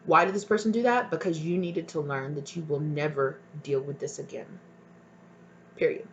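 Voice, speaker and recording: A woman's voice: low voice, fairly even intonation, moderate pace, a little hiss or hum. An earnest woman gives a spiritual tarot reading, speaking directly and emotionally to her viewers. The sound is dull and lo-fi, like a home video recording. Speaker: tarot reader.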